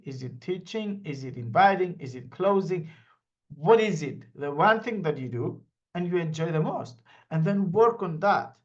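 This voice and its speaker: Emphatic man giving a seminar. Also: on the high side. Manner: emphatic and repetitive, with anecdotes. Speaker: network marketing trainer. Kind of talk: motivational seminar talk. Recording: dull lo-fi audio.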